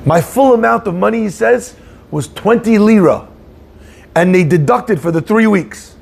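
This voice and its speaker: Gravelly high-voiced man telling a story. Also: moderate pace. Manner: animated storyteller, acts out shouting voices. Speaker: rabbi giving a talk. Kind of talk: storytelling sermon.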